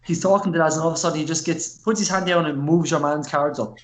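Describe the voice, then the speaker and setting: A man's voice: on the high side, quick pace. A man co-hosting a podcast, talking enthusiastically about a film in rambling, filler-heavy chat with casual swearing. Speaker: podcast co-host. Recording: roomy echo.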